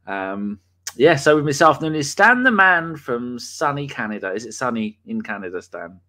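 With a sing-song, pushed, bright mid-range voice at a moderate pace, a man hosts a live podcast in casual chat mode. He jokes around, reads out viewers' chat names, and swears occasionally.

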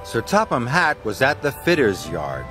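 A man reading scripted storybook narration for a children's cartoon, slow and expressive. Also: medium pitch, music in the background.

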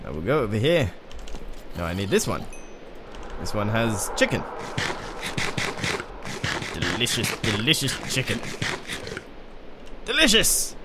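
A man's voice: on the high side, background noise. Australian man in a put-on British accent. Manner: chatty, rambling, talks to game mobs. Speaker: let's play host. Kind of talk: gaming commentary. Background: keyboard typing and clicks.

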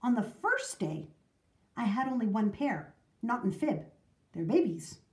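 Curious storybook girl, eager and bright-pitched, as a woman voices her. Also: sing-song, unhurried, echoey room. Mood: explaining. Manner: eager, questioning.

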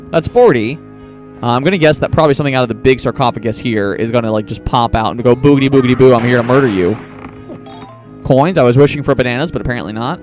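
A man hosting a video game let's play, giving rambling, joking commentary and talking to the game characters. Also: medium pitch. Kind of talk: casual gameplay commentary.

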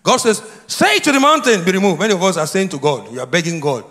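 A man's voice: sits high, lively intonation, fast, sharp tone. A man preaching a sermon as pastor, leading the congregation in call and response with repeated questions and answers. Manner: repetitive, prompts congregation to answer. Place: church sanctuary. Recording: long hall reverb.

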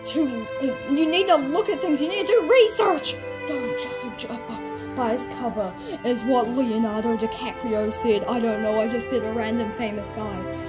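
A woman's voice: on the high side, close to an everyday voice. A woman voicing a goofy, rambling plush character who acts as judge in a homemade comedy skit. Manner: silly, rambling, bursts into yelling.

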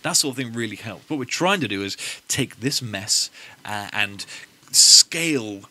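A British man chats as a podcast host, his voice bright and swinging widely in pitch. He talks in a joking, loose way and swears often. He records in a home garage studio. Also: measured pace. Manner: animated, jokey, swears freely. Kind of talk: casual chat.

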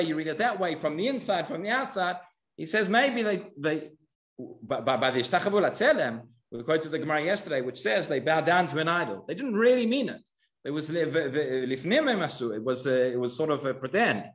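Male rabbi, teaching tone, animated storyteller; bright, swooping delivery; reverberant synagogue sound. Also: a little high. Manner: animated storytelling, voices the characters' questions. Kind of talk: Torah class. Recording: echoey synagogue room.

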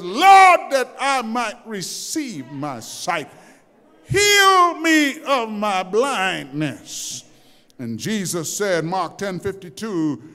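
Animated preacher man, big hall echo. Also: sits high. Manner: dramatic storytelling, shouting out the quoted cries. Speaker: pastor. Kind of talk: sermon. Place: church sanctuary.

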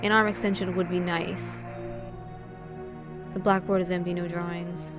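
A woman with a lowish, level voice speaks at a moderate pace while playing a horror adventure game. She reads the text and dialogue aloud as herself and drops dry joking asides, using a studio condenser mic with game music in the background.

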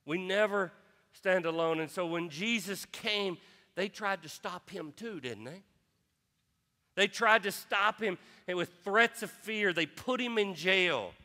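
A man's voice: sits high, pushed and bright, big-room sound. A man preaching a sermon as pastor, impassioned, who often repeats himself on restarts. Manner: impassioned, repeats words, quotes scripture. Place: church sanctuary.

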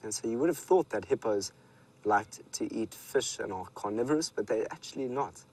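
A South African man with a fairly low voice guides a live safari from the bush. He tells folk stories and chats with viewers in a relaxed, easy way. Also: moderate pace, husky, poor audio. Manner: relaxed storytelling, speaks to viewers. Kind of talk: live wildlife commentary. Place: outdoors in the bush.

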